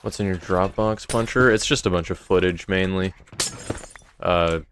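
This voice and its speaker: A man's voice: low voice, a bit bright, a little hiss or hum. A young man live streaming a game, chatting loosely with his viewers and a sore throat. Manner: rambling, talks to chat between game tasks. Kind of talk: casual live-stream chat while gaming. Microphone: desk mic with noise gate.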